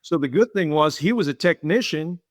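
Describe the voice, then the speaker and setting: A middle-aged man tells stories about his business in a casual interview. His voice sits a little high, and the recording is dry and close. He acts out the dialogue he quotes, and he repeats phrases as he goes. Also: expressive, normal speed, dry recording. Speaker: business owner and guest.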